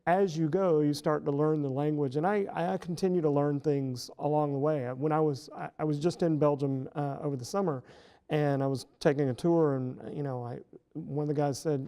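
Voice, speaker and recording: A middle-aged professor talking casually as an interview guest, explaining at length with many fillers and restarts. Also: male voice, on the high side, fairly even intonation, normal speed, mellow, smooth.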